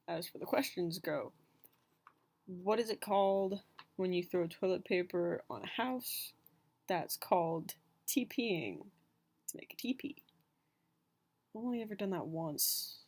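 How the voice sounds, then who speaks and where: A woman's voice: on the low side, darkish tone. A young woman with a Southern Californian accent, chatting casually from bed into her laptop as she reads an accent-tag word list. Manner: chatty and giggly, filler-heavy. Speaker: vlogger. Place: in bed at home. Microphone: laptop mic.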